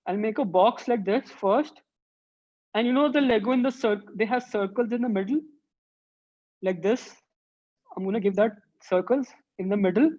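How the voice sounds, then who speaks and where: A woman's voice: a little high, darkish tone, muffled recording. Chatty woman teaching drawing. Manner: chatty, thinks aloud while drawing. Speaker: art teacher. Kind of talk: online drawing workshop for children.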